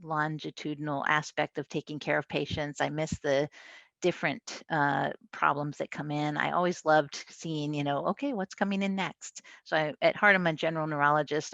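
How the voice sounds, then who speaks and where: Woman panelist, low fry-edged voice, conversational and reflective, dry slightly muffled audio. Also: little pitch movement, a little fast, a bit bright, no room sound. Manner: conversational, reflective, with frequent fillers. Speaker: panelist neurologist. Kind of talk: panel discussion storytelling.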